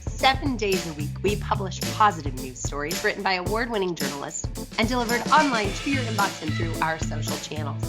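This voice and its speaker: A woman in her thirties co-hosting a podcast in casual chat, a little husky from a cold, chatty and upbeat. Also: mid-range voice, sing-song, a little fast, hardly any pauses, loud music behind the voice. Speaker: podcast co-host.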